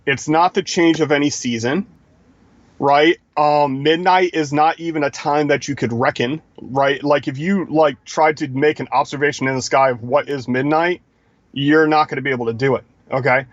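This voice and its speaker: A man's voice: fairly high pitch, normal speed, no echo, dull audio. A man co-hosting a live stream, lecturing emphatically in casual talk. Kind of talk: casual talk-show commentary.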